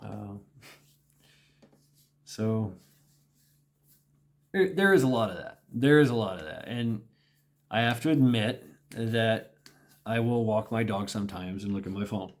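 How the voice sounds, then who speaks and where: A middle-aged man with a lowish, expressive voice rambles through a casual monologue vlog, speaking a little slowly with long pauses. He repeats himself, lets out small laughs, and mimics quotes.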